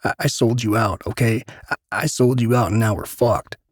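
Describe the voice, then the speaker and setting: A man's voice: medium pitch, normal speed, slightly rough, no room sound, studio quality, pitched above the performer's own voice, lightly acted. A man voicing a big, guilty middle-aged man who stammers and pleads through tears in a dramatic story reading. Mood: pleading. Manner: stammering, tearful.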